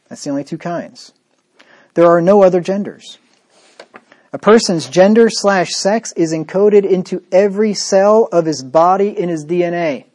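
A man's voice: high-pitched, a little mellow. A man preaching a sermon, emphatic and repetitive, with a sarcastic, mocking edge. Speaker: pastor.

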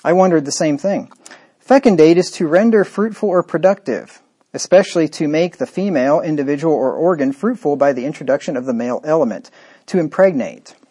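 A male preacher delivering a sermon with a fairly high-pitched voice. He talks in a scornful, combative way and keeps turning to the listener with rhetorical asides. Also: animated, a little fast, dark tone, breathy edge.

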